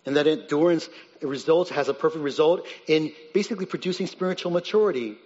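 A man's voice: quick pace, lo-fi sound. Earnest male preacher in a reverberant hall. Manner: earnest preaching, rising to emphatic peaks, dropping low and quiet on key words. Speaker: pastor. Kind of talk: sermon.

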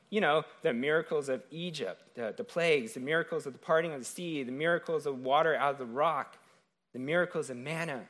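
With a mid-range, fairly bright voice at normal speed, a man recounts a scripture story in a conversational sermon, regularly checking in with "right?".

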